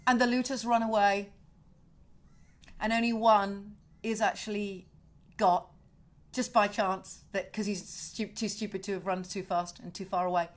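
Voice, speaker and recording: A middle-aged woman hosting a casual home livestream, telling a story in an indignant, sweary, animated way. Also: mid-range voice, measured pace. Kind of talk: casual chat to viewers.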